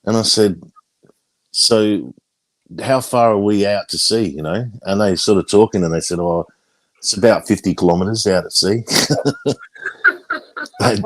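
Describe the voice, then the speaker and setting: Casting note: very deep male voice, dry close sound, loose rambling anecdote with fillers and swearing. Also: no echo. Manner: rambling storyteller, swears casually. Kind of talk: casual chat.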